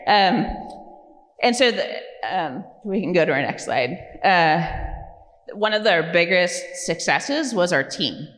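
A woman's voice: fairly low pitch, expressive, slow, fairly bright tone. A woman directing a program, giving an informal, conversational presentation at a community meeting, with frequent ums and tag questions. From California. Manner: conversational, many fillers like "um" and "right?". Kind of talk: informal presentation to a public audience. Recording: long reverb of a meeting hall.

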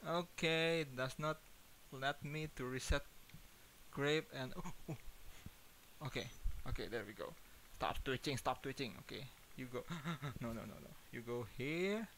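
A man's voice: mid-range voice, unhurried, a bit bright, a little hiss or hum, poor audio. A man streaming a horror game, jumpy and nervous, laughing and muttering to himself.

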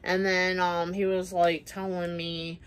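A woman's voice: on the low side, flat delivery, measured pace, smooth. A woman vlogger telling a personal story in casual chat, rambling with many fillers and acting out what people said. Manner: rambling, many fillers, acts out quoted lines.

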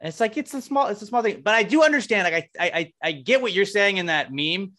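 A man's voice: sits high, lively intonation, fast, bright, forceful tone. A man co-hosting a podcast in casual chat, rambling loosely and often acting out the voices of the people he quotes. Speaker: podcast co-host.

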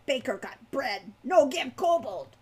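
Kobold: shrieking, hateful little creature, very high, broken grammar, storybook villain. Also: female voice, animated, measured pace, a little mellow, husky, heavily acted. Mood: furious. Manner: shrill, snarling, clipped broken grammar.

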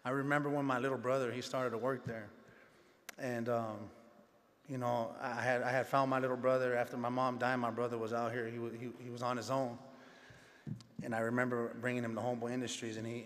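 A man's voice: medium pitch, flat delivery, brisk, fairly bright tone. Man telling his story in a reverberant hall. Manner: conversational storytelling with street slang; acts out dialogue in his story. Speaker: speaker sharing his life story at a gala. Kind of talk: personal testimony speech.

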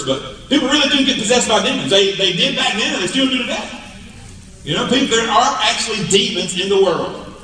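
Male preacher, animated sermon storytelling; roomy hall reverb, faint background noise. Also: high-pitched, far from the mic. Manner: animated storytelling, rising to emphatic peaks. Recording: echoey hall, mic from afar.

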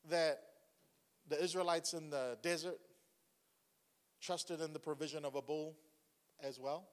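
A man delivers a sermon with loose, chatty energy, often turning to the congregation with questions. His voice sits fairly high for a man. The recording rings with the long reverb of a large hall. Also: measured pace. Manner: conversational, animated preaching with asides to the congregation. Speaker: pastor.

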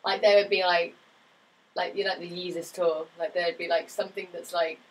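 A woman's voice: on the low side, level tone, a little fast, recorded from a distance, low-quality recording. Teasing woman, slightly off-mic. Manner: teasing, rambling, many fillers. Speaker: podcast co-host. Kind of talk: casual chat.

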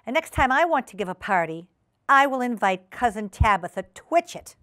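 A woman's voice: fairly high pitch, very animated, moderate pace, a bit bright, dry recording, studio quality. A woman voicing a prim, polite lady cat hostess in a storybook reading, in a raised, genteel voice.

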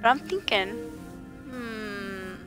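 A woman's voice: medium pitch, drawn-out words. Woman, livestream gamer, playful chatter, slightly sick voice, faint music behind. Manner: playful, chatty, laughs often, reads chat aloud. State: a little sick, throat off. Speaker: livestreamer playing a game. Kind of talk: casual livestream chat with viewers.

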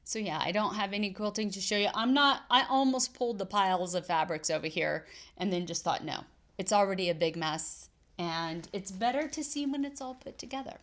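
A chatty woman in casual vlog talk, rambling and doubling back to fix her own words. Her pitch sits in an ordinary middle range for a woman's voice. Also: fairly quick, a bit bright. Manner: chatty, rambling, self-correcting. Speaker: cross stitch vlogger. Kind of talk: casual chat.

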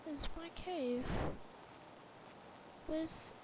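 A woman giving gameplay commentary, chattering to herself with sudden excited exclamations. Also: high voice, very slow, noisy background. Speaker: let's play gamer.

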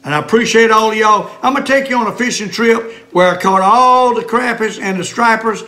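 Folksy older man, high voice. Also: brisk, bright, forceful tone. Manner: folksy, chatty, drawling. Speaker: fishing vlogger. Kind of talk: casual fishing vlog. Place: outdoors at a lake.

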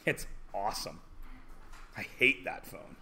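A man teaching a high school math class, joking as he lectures. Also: expressive, pushed and bright, a little hiss or hum. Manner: joking, drawn-out teacherly questions.

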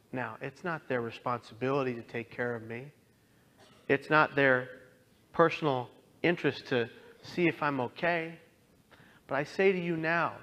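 A young man earnestly telling his own story as a talk, moving from quiet to impassioned. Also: fairly high pitch. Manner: earnest, swings from hushed to impassioned. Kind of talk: personal testimony talk.

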